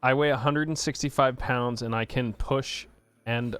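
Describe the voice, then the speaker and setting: A man's voice: mid-range voice, fairly even intonation, moderate pace, fairly bright tone, smooth. A man at a tabletop game trading rowdy, crude banter. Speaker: player. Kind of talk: casual tabletop game chat.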